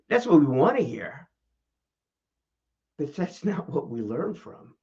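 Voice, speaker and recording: A man's voice: slow pace, vocal fry, long pauses, dull audio. A man hosting his own talking-head vlog about public speaking, talking casually to the camera and asking lots of rhetorical questions. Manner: animated, rhetorical questions, shifts pitch for emphasis. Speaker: vlog host and speaking coach. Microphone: camera mic.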